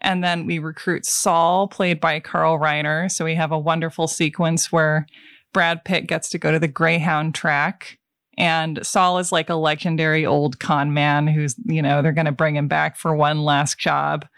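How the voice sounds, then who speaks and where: A woman hosting a casual podcast, recapping a film in a wry, animated way with quoted asides. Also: low-pitched, a little slow, clean tone, no room sound, clean studio sound. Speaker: podcast host summarizing a film.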